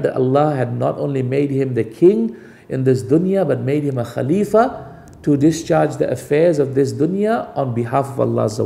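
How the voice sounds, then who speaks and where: Male preacher, gravelly and mellow, recites verses then explains them, rhetorical questions. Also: medium pitch. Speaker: Islamic preacher. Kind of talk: sermon with Quranic recitation and translation.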